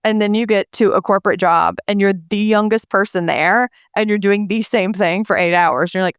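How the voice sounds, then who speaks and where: Woman podcast co-host, animated casual chatter, smooth clear voice, dry close sound. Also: medium pitch, normal speed, hardly any pauses, dry recording. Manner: animated, laughing, lots of "like". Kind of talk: casual chat.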